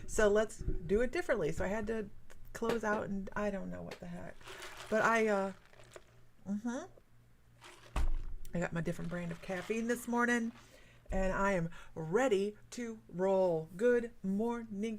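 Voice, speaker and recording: A woman from Michigan hosting a casual psychic-reading livestream, chatty and quick to laugh, greeting viewers by name. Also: medium pitch, a little hiss or hum. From Michigan, USA. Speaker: psychic medium livestream host.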